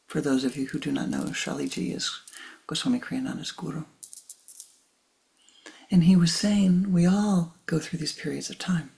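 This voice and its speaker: Older female spiritual teacher; low, gravelly, soft-spoken voice that drops to near whispers and repeats for emphasis. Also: moderate pace.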